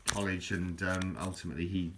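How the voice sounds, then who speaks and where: A man's voice: sits low, flat delivery, a little fast, noisy background. A man from England chatting casually over holiday photos, self-mocking and joking, with frequent restarts and laughter. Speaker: vlogger showing holiday photos. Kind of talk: rambling casual chat.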